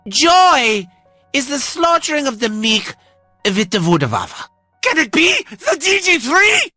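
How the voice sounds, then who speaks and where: A theatrical male mad scientist from a game, gloating and relishing his inventions. The voice is high and bright and swings widely, in a slow, dry delivery. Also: wildly swooping pitch, dry recording, soft background music, full character voice. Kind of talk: video game voice lines.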